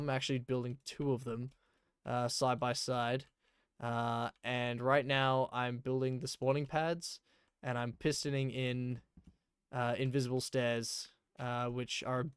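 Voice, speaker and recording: A man's voice: mid-range voice, clean tone, no echo, studio quality. A man chatting casually and rambling while playing a game on a live stream, with many fillers.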